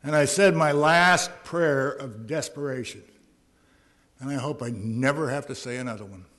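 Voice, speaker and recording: A middle-aged man speaks from a podium at a recovery meeting, telling his personal recovery story earnestly with flashes of dry, wry humor. His voice is medium-pitched and a bit bright, at a moderate pace.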